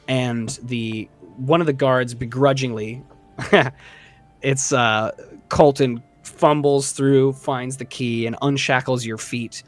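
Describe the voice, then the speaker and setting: A man's voice: medium pitch, steady tone, slow pace, soft background music. A man narrating a tabletop game as game master, casual and rambling with many fillers.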